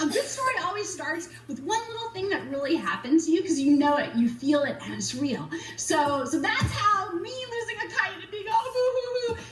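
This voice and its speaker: High-pitched woman, lively bouncing voice, roomy sound from a distance. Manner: bubbly, upbeat, talks to kids. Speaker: children's book author. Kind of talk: virtual school visit Q&A.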